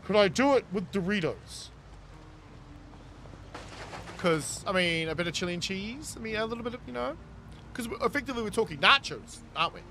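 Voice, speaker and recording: A man's voice: sits high, lively intonation, brisk, pauses often, pushed and bright, a little hiss or hum. A man, chatting casually with his live-stream viewers as he plays, reading chat aloud and laughing often. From New Zealand. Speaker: game streamer.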